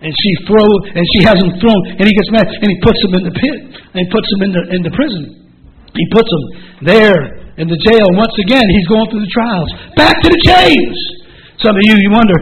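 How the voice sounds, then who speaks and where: A man preaching a sermon in a fervent, repetitive style that builds to shouting. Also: sits high, animated, a little fast, poor audio.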